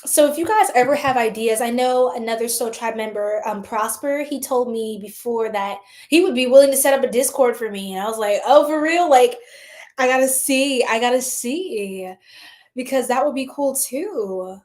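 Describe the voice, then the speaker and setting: A woman's voice: fairly high pitch, normal speed, hardly any pauses, darkish tone. A woman with an American lilt hosting a tarot livestream, chatting casually with her viewers, laughing often and swearing freely. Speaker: tarot reader livestream host.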